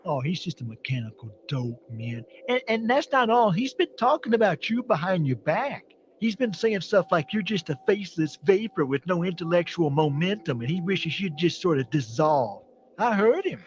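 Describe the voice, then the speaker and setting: A lively, high-pitched wisecracking human captive, needling his alien jailers with sassy comebacks. The old radio recording sounds dull and muffled, with faint hiss behind him. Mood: cheeky. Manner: cheeky, mocking, fast-talking wisecracks. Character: wisecracking captured human space traveler, adult man. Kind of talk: 1940s radio acting.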